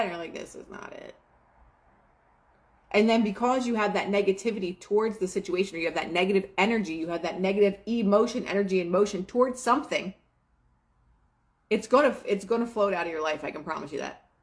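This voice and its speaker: A young adult woman hosting a casual motivational talk, chatty and full of fillers, acting out quoted asides. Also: mid-range voice. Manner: chatty, filler-heavy, quotes herself and others in lively asides. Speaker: manifestation show host.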